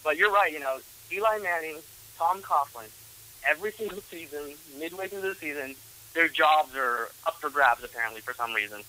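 A man's voice: on the high side, lively intonation, normal speed, pushed and bright, poor audio. A man giving sports analysis, hesitant, with many ums and restarts.

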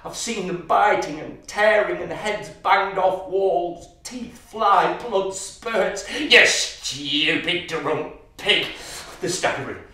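In a brooding stage monologue, an actor plays a violent, menacing father recalling a brutal childhood, his high voice slow, heavily acted and almost without pauses. The mood is tense and bitter, the menace flaring into manic shouting, and he sounds far off in an echoey hall.

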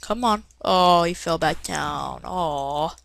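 Excitable rambling woman gamer. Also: lowish voice, slow, creaky, no room sound, poor audio. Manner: rambling and excitable, with many "uh" fillers and bursts of shouting. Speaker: gameplay commentator. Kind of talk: casual let's-play commentary.

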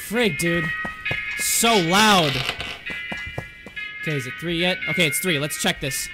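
A young man commenting on a horror game he is playing, excitable, yelling, laughing and talking back to the characters. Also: on the high side, a little slow, pauses often, loud music behind the voice. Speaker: gaming YouTuber.

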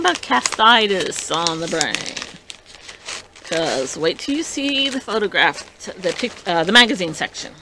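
A woman hosting a casual crafting vlog, chatty and excitable, rambling with frequent restarts. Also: mid-range voice. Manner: bubbly and excitable. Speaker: podcast host.

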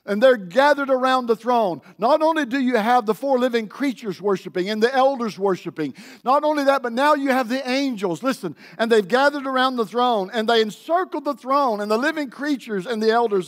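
High-voiced man preaching a sermon. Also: lively intonation, a little fast. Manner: preaching with call-and-response to the congregation; rises to loud, emphatic declarations. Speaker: pastor. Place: church sanctuary.

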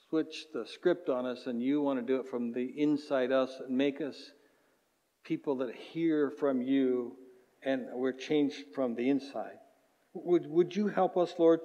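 A man's voice: a little high, a little mellow, muffled recording. A man preaching as a pastor in a conversational way, then leading a closing prayer. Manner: conversational, acts out everyday voices. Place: church hall. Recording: reverberant church hall.

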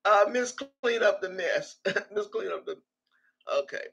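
A woman's voice: medium pitch, a little slow, gravelly, fairly bright tone, breathy edge, highs cut off. A woman hosting a casual livestream and reading viewers' comments aloud, brash and profane, often laughing. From Texas. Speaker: livestream host.

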